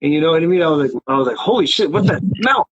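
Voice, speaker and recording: A man's voice: a little high, rapid-fire, background noise. A man telling rambling, profane stories as an interview guest. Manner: profane, rambling, animated storyteller. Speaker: interview guest, graffiti writer. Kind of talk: casual storytelling interview. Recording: dry, dull lo-fi sound.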